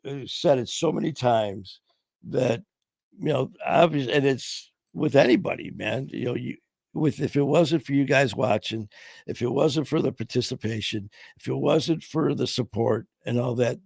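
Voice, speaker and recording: A middle-aged man hosting a casual live-stream chat, his voice going hoarse, talking in a loose, heartfelt way full of "man" and "you know". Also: mid-range voice, normal speed, a little mellow, no room sound. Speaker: podcast host.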